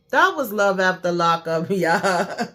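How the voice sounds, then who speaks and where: A woman's voice: on the low side, sharp tone. A woman recapping a reality show for her channel in a blunt, exasperated, profane rant, talking straight to her viewers. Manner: addresses viewers directly. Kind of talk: casual review and recap rant.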